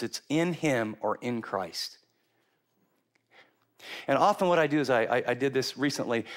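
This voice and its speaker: A middle-aged man preaching a sermon, animated and emphatic, often repeating words and acting out quoted voices. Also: medium pitch. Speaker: pastor.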